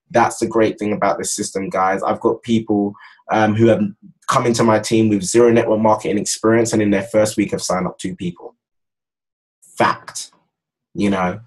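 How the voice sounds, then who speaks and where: Young male trainer, husky, mid-pitched, upbeat and repetitive, talks straight to viewers. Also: rough recording. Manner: energetic, repetitive, speaks straight to viewers as "guys". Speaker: network marketing trainer. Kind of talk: casual motivational training talk.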